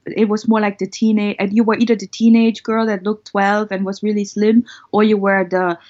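A woman talks through an interview answer, pausing and hedging with fillers as she goes. Her pitch sits right in the middle for a woman. The recording is dull and lo-fi. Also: flat delivery, darkish tone. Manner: hesitant, many fillers. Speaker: podcast guest.

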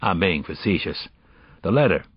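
A man's voice: deep voice, lively intonation, moderate pace, slightly rough, no room sound. A man doing a sardonic, lecturing criminalist. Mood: wry. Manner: dry, impatient, lecturing. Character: sardonic brilliant middle-aged male criminalist. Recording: dull, dry audiobook recording.

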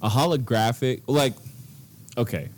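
A man's voice: mid-range voice, unhurried, a little mellow, slight background noise. A man hosting a casual podcast, talking in a laid-back, rambling way with lots of fillers. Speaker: podcast host.

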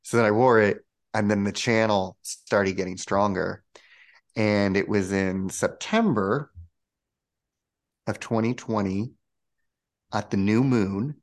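A guest who works as a spiritual coach and channel shares a personal story during an interview, speaking slowly in a lowish voice with long pauses. His telling is relaxed yet lively, and he voices the people he quotes.

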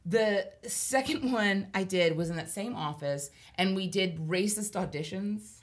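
A woman's voice: mid-range voice, unhurried. A woman telling a long story in casual chat, rambling and self-deprecating, laughing now and then as she talks. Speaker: podcast guest storyteller.

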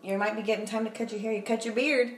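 A woman's voice: on the high side, steady tone, fast. Giggly young woman in a roomy space. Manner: giggly, rambling, confessional. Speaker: podcast guest. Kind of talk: casual chat. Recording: roomy echo, faint background noise.

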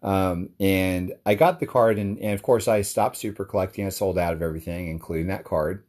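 Deep-voiced man rambling about collecting. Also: a little fast, a little mellow. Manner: rambling, with many fillers and restarts; enthusiastic. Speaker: card collector talking to his audience. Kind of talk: casual monologue.

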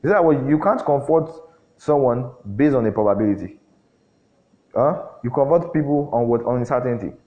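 A man preaching a sermon, often throwing questions at the congregation and filling pauses with "um". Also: medium pitch, expressive. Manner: call-and-response questions, frequent fillers. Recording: dull lo-fi recording.

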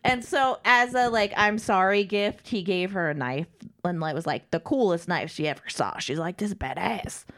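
A woman's voice: lowish voice, moderate pace, few pauses, fairly bright tone. A woman co-hosting a podcast, recapping a novel in casual, irreverent chat and swearing freely. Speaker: podcast co-host.

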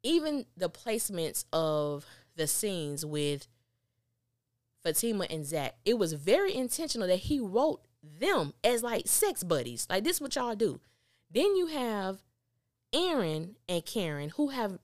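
A woman reviewing a TV episode in casual podcast chat, animated and acting out the characters' lines. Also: on the low side, moderate pace, no echo, studio quality. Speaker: TV recap podcaster.

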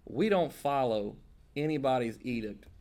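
A man's voice: mid-range voice, lively intonation, moderate pace, darkish tone. A man preaching a conversational Bible-teaching sermon, casual and joking, with folksy slang.

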